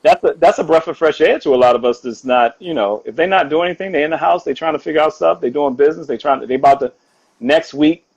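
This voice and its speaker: A man talking casually on a live stream as a guest author, animated and quick to laugh, often repeating himself. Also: on the high side, creaky, husky, lo-fi sound. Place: home. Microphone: phone or video call.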